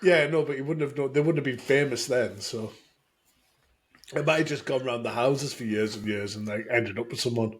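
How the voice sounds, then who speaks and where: This man from Scotland speaks at a medium pitch and normal speed. As a co-host of a casual beer podcast, he keeps restarting his sentences and breaking into laughter.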